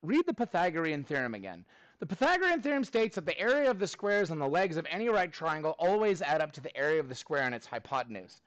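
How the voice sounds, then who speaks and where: A man's voice: fairly high pitch, sing-song, fast, fairly bright tone, dry recording. A man teaching a math class, upbeat and prompting students for answers.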